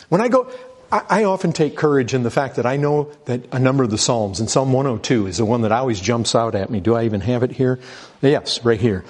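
A man's voice: mid-range voice, expressive, a little fast, darkish tone. A middle-aged man preaching a sermon in a conversational way, stumbling over restarts and repeated words, reading scripture aloud and building urgency. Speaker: pastor.

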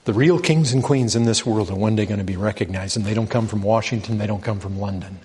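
A man preaching a sermon, animated, asking the congregation rhetorical questions and stressing points with rising emphasis. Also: fairly low pitch, fast talker.

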